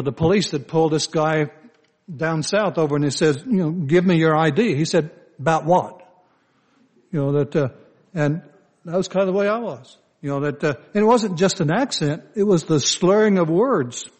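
Folksy older Southern preacher. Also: male voice, fairly high pitch, darkish tone. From Southern United States. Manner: slow, folksy storytelling with frequent "you know, uh" fillers. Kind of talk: sermon.

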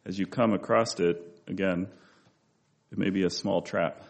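A man's voice: low voice, steady tone, normal speed, gravelly. A man preaching a conversational Bible-study sermon, with asides and restarts as he talks.

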